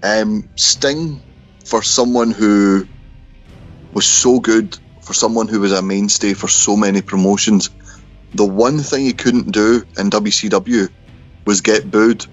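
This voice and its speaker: Low-voiced man recapping wryly. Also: steady tone, takes it slowly, faint music behind. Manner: wry storyteller running through events. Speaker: podcast co-host. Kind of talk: casual chat and recap. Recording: dull, lo-fi remote call.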